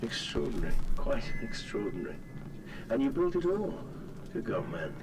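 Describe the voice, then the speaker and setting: A man playing an amazed Victorian gentleman visitor in a horror game, formal and astonished. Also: medium pitch, sing-song, normal speed, soft background music.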